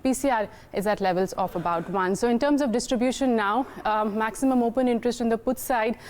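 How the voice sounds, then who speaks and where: A woman with an Indian English accent giving a fast, data-heavy derivatives market update on a live news show. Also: fairly high pitch, a little mellow, slight background noise.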